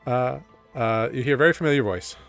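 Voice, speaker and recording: Rambling male game master, clear voice. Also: mid-range voice, fairly quick, faint music behind. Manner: casual, rambling, full of fillers. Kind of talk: narrating a tabletop game.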